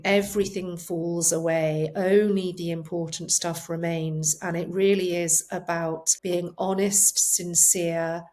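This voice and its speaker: A woman's voice: fairly low pitch, darkish tone. A woman, a palliative care doctor, speaking earnestly and from the heart as a guest at home. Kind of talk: emotional conversational interview. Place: home, on a sofa.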